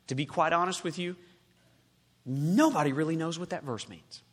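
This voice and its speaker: A man preaching a sermon as pastor, swelling to loud emphatic peaks and dropping to hushed, slow endings. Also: fairly high pitch, lively intonation, husky. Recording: long reverb in a large hall.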